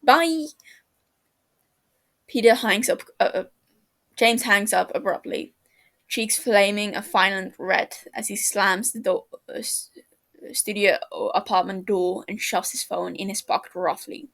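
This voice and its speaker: A woman's voice: mid-range voice, steady tone, unhurried, vocal fry, a bit bright. Woman reading a story aloud. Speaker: podfic reader. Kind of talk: reading fan fiction aloud.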